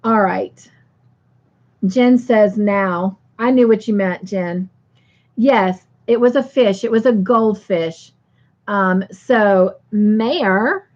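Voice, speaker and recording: A woman's voice: medium pitch, takes it slowly, darkish tone, dull audio. A woman hosting a casual livestream, chatting affectionately with viewers and reading out their comments. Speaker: livestream host.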